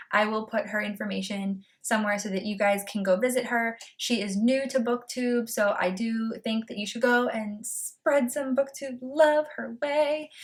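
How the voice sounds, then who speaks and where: A young woman from north of Boston with a light Boston accent, chatting casually to camera as a book vlogger. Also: on the high side. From Massachusetts, north of Boston. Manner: chatty and playful, lively on word lists. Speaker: BookTube vlogger.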